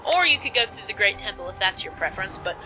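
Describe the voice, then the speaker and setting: Playing a video game, a woman chats casually in a medium-pitched, expressive voice, talking fast and rambling with jokey asides at her own expense. She sounds like a let's play commentator, with music behind her and a low-quality recording.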